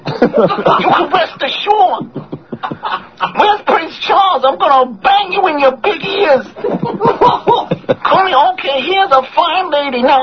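A man voicing a crude, rampaging male ex-con boxer who taunts, shouts and cries out in a high, lisping squeal, laughing between threats. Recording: dull radio broadcast with noise.

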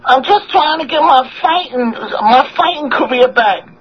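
A squeaky brawling ex-con boxer. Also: male voice, lively intonation, unhurried. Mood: taunting. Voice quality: high-pitched lisping squeal, crude taunting. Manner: shouting, crying out, laughing between taunts. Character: brawling male ex-con boxer rampaging through England. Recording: dull radio broadcast with noise.

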